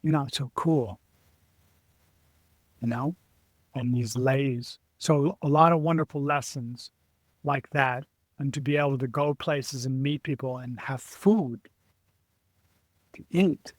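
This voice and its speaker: A middle-aged adventurer and author, a guest on an interview show, tells stories in a lively, casual way. He acts out other people's voices and keeps restarting his sentences haltingly. His voice is medium-pitched, with no echo.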